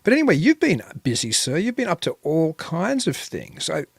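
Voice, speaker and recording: A man's voice: a little high, wildly swooping pitch, normal speed, vocal fry, breathy edge, no room sound. A man hosting a podcast interview, upbeat and chatty, often repeating his words. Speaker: podcast host. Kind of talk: casual interview.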